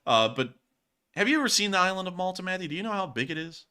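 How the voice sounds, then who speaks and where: A man's voice: high-pitched, lively intonation, fast talker, pushed and bright, smooth. A man hosting a live-streamed war news show, answering viewer questions in casual chat, laughing often and joking loosely.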